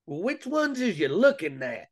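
Guy putting on a high drawly west virginia granny, blunt and folksy, gruff but loving. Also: very animated, normal speed. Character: old Appalachian grandma, gruff but loving.

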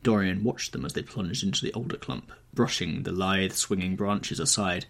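A man narrating a classic novel in a measured, literary audiobook reading. His voice sits low with a gravelly fry and a husky grain. The pacing is steady and unhurried.

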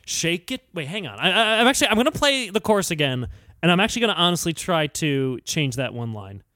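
Animated, bright-voiced man joking around. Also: a little high, heavy background noise. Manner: animated, joking, quick bursts. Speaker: podcast co-host. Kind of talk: casual comedic music podcast chat.

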